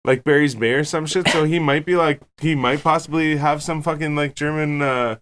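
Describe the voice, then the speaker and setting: A man telling a rambling, profane story in a casual podcast chat, getting animated when he quotes himself. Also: a little high, normal speed. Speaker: guest.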